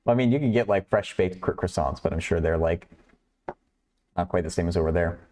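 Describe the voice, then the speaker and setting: A man's voice: deep voice, fairly quick, a little mellow. A man hosting a math livestream, working through problems aloud while chatting with viewers and laughing often. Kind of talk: casual livestream problem-solving.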